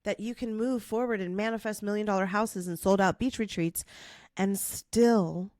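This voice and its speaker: A woman podcast host telling a story in a monologue, acting out the quoted dialogue with lively energy. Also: medium pitch, normal speed, no room sound, studio quality. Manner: animated, acts out quoted dialogue.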